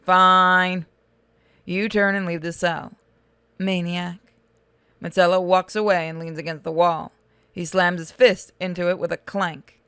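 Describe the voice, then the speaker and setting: A woman casually narrates a text adventure game for her channel, reading the game text aloud. Her voice is smooth and resonant. The recording is close and dry. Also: lowish voice, steady tone, normal speed, no echo. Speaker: let's-play host.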